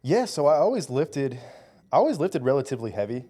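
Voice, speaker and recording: A man in his twenties, a powerlifter guest in a casual conversation, telling his story in an animated way, full of "like" and "dude". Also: mid-range voice, fairly quick. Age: 20s.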